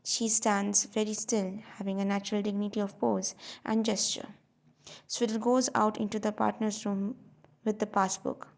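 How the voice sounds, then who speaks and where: A woman reads a stage play aloud for learners, voicing its stage directions. Her voice has a gravelly rasp at a middling pitch. She reads steadily with occasional slips. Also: level tone, normal speed. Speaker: audiobook reader.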